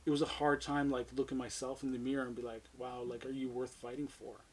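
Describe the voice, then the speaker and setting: A man's voice: mid-range voice, level tone, fast talker, slight background noise, poor audio. A man, a podcast guest, telling his life story candidly, swearing freely and often asking "right?". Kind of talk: casual storytelling interview.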